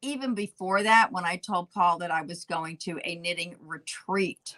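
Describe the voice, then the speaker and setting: A woman's voice: fairly low pitch, steady tone, moderate pace, fairly bright tone. Chatty woman hosting a knitting stream. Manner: chatty, laughs easily. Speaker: host of a knitting show. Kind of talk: casual live-stream chat.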